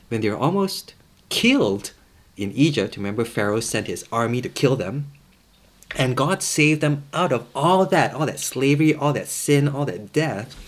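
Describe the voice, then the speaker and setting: A man delivering a relaxed sermon at home in a mid-range voice. He talks in a conversational way and repeats key words for emphasis. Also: medium pitch. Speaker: pastor. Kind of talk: casual sermon.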